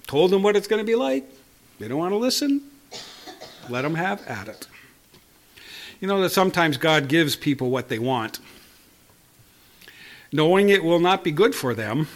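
An older man preaching a sermon in a conversational, storytelling way, often restarting words and chuckling. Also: fairly high pitch. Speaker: pastor.

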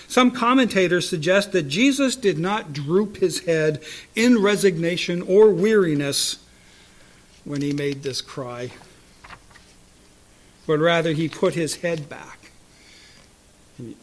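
A man with a fairly high voice preaches at a slow, deliberate pace. He swings from loud, ringing cries down to quiet, hushed asides and keeps asking his listeners rhetorical questions. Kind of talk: sermon.

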